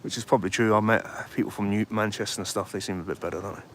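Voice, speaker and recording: Guy livestreaming from the street, lowish voice, rambly chatty, bit of traffic hum behind him. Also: steady tone, rapid-fire. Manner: rambling, chatty, reads out viewer comments. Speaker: livestream host. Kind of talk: casual live commentary. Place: outdoors by a street. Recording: faint street noise behind.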